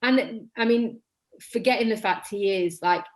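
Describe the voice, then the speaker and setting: A woman's voice: medium pitch, a little slow. A woman in her thirties with a Mancunian accent, chatting as a guest in an interview, rambling and correcting herself as she goes. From England. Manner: says her voice tends to be monotonous. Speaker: guest actor. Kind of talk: casual interview chat.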